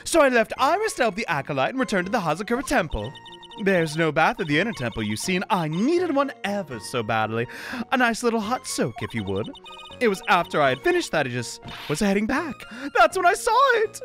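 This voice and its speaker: A man's voice: high voice, huge pitch swings, a little fast, a bit bright, faint music behind, pitched above the performer's own voice, full character voice. A man doing a chirpy sing-song old nun. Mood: sweetly chatty. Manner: sing-song, sweet, fussing about her aching back. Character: chirpy elderly female temple nun. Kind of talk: reading game dialogue aloud.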